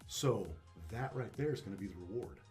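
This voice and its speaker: A man's voice: fairly low pitch, expressive, fairly quick, darkish tone, faint music behind. Emphatic, profane male dog trainer. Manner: emphatic, profane, repeats words when restarting. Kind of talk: casual interview chat.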